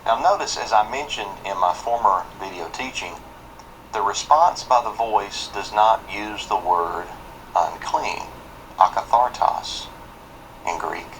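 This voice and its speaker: Man, Bible teacher, measured, explanatory, low voice, faint hiss behind. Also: rough recording. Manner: measured, explanatory, reads out verses. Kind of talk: scripted teaching video.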